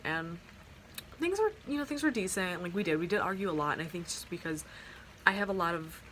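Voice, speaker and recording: A young woman talks straight into her phone camera at home, pouring out a personal story in loose, rambling sentences with plenty of "like" and restarts. Her voice sits a little low for a woman, and there is faint background noise from an open window. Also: fairly bright tone. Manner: rambling, heartfelt storytelling with many fillers and restarts. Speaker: vlogger. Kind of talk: casual storytime vlog.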